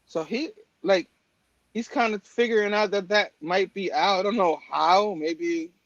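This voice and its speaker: A man's voice: high-pitched, unhurried, fairly bright tone, no room sound, dull audio. A man hosting a casual comic book talk show, rambling with lots of fillers and restarts. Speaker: podcast host. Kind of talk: casual chat.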